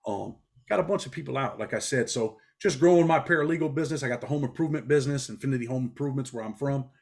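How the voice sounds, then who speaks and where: Fast-talking New man, blunt and streetwise. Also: mid-range voice, creaky. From New York. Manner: blunt street talk, frequent "man" and "bro". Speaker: interview guest, former prisoner. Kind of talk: casual interview storytelling.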